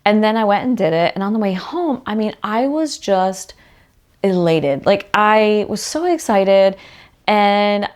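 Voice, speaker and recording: A woman's voice: medium pitch, unhurried, darkish tone. Woman, podcast host, casual solo talk, chatty, asks the listener questions. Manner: chatty, frequent "like" fillers; talks directly to the listener with questions.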